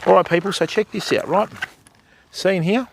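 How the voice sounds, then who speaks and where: A man's voice: sits high, normal speed, gravelly, a little hiss or hum. An older Australian man hosting a fishing livestream from a river at night, chatting casually to his viewers and calling them mate and bud. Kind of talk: casual live-stream commentary. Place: outdoors by a river at night, wading in the water.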